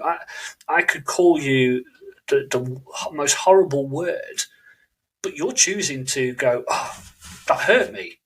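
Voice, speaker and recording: A man's voice: medium pitch, fairly bright tone, husky, low-quality recording. A man hosting a podcast in a casual conversation. He talks in an earnest, reflective way and often searches for his words. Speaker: podcast host.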